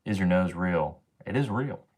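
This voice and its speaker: A man's voice: low voice, expressive, normal speed, a little mellow, breathy edge. A man in his twenties hosting a casual livestream, talking to chat in a slangy, profane way and tagging sentences with bro and man. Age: 20s. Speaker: livestream host.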